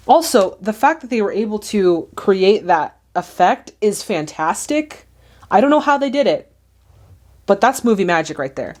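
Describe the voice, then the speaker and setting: A woman hosting a movie reaction, talking in an animated, chatty way, often exclaiming at what she sees. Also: mid-range voice, moderate pace, noisy background.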